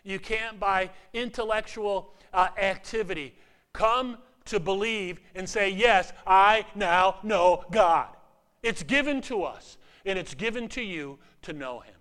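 Older man, preacher, sermon, bright forceful tone, talks to the audience. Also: sits high, unhurried, smooth. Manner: animated, rises to emphatic peaks then drops to hushed asides; conversational, asks the audience questions.

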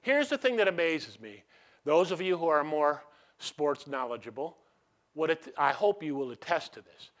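A middle-aged man preaching a sermon as a pastor. He asks the congregation questions and lets them answer, and he swings between loud emphatic bursts and quiet asides. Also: a little high, sing-song, normal speed. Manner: call-and-response questions to the congregation.

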